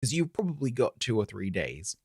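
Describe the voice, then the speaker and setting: A man's voice: medium pitch, very animated, fairly quick, a little mellow, husky, dry recording. A British man streaming a naval game, chatting casually with viewers in a dry, sarcastic way. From Britain. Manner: dry, sarcastic banter with chat. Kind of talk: casual live-stream chat.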